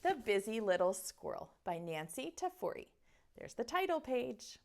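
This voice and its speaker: A woman's voice: fairly high pitch, very animated, creaky. A woman preschool teacher leading an online circle time, reading a picture book aloud and asking the children questions. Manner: slow, sing-song storytelling voice that asks children questions.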